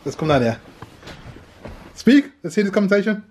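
A man's voice: sits high, very animated, moderate pace, darkish tone, slight background noise. A British man vlogging with his family, teasing and joking on a handheld camera. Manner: teasing, jokey, bantering. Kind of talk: casual family vlog.

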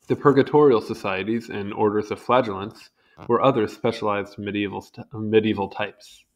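A young man reads an encyclopedia entry aloud at an easy, casual pace, his voice sitting a little low. He trips over unfamiliar words and breaks off now and then for wry little comments. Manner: stumbles over hard words and comments wryly. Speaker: reader.

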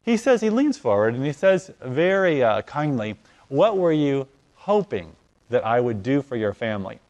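A man at a middle pitch tells a personal testimony as a guest in conversation, speaking at normal speed on a lo-fi recording. His delivery is animated and theatrical: he acts out both sides of the dialogue, climbing loud and high before dropping to a hush.

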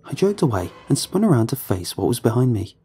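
Dark, husky male horror narrator. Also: mid-range voice, very animated, brisk, faint music behind.

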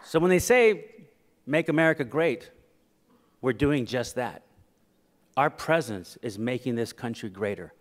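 A man's voice: medium pitch, unhurried, pauses often. A middle-aged man giving a humorous keynote speech at a conference, telling personal stories and acting out quoted voices. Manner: animated, acts out quoted voices for laughs. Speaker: keynote speaker. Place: conference hall. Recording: reverberant hall.

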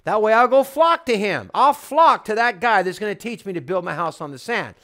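A man's voice: high-pitched, lively intonation, fairly quick, a bit bright. A man preaching a sermon as a home church teacher, fervent and emphatic, driving his points home with repeated refrains.

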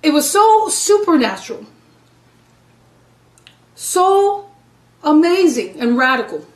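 A middle-aged woman evangelist giving an emotional testimony sermon, her telling swinging from loud to hushed. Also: sits high, very animated, slow pace, recorded from a distance. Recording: echoey room.

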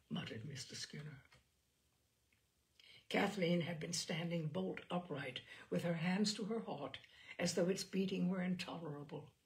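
A woman narrating a literary short story in a measured, dramatic manner. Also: on the low side, gravelly. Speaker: reader of short stories.

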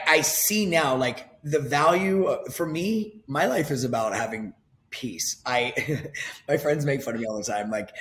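A man's voice: mid-range voice, a bit bright, a little hiss or hum. Candid, swearing man in his forties. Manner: candid and emphatic, swears freely. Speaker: interview guest. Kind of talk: casual conversation.

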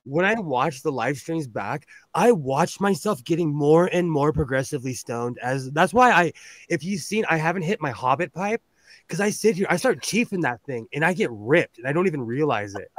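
A man in his thirties with a somewhat high voice, talking casually and rambling along, poking fun at himself and laughing between thoughts. The sound is close and dry, with no room around it. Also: lively intonation, moderate pace, dry recording. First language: English. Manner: rambling, self-mocking, laughs often. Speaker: co-host. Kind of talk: casual chat.

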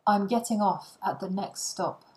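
A woman reading short English phrases one at a time for language learners, with pauses between them. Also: medium pitch, a little mellow.

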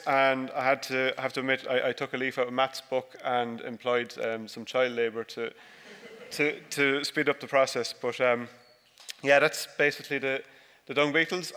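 A man delivers a relaxed, joking farming talk full of fillers and restarts. His voice is bright and crisp. Long hall reverb trails every phrase. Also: mid-range voice. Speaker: conference speaker, dairy farmer. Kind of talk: conference talk with slides. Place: large conference hall.

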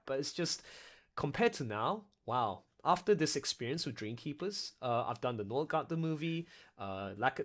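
A man's voice: mid-range voice, normal speed. A man hosting a live stream over a voice call, chatting casually and sounding mentally exhausted. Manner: chatty, animated, self-interrupting. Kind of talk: casual chat.

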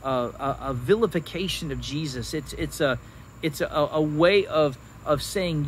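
Slow, halting man teaching a devotional. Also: fairly high pitch, a little hiss or hum, poor audio. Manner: slow, halting, many restarts and fillers. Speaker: pastor.

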